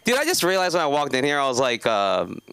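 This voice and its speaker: Rambling animated man doing stand-up. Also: medium pitch, quick pace, creaky, slight background noise. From South Los Angeles. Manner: rambling, many fillers and self-interruptions. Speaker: stand-up comedian. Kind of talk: open mic stand-up. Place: comedy club stage.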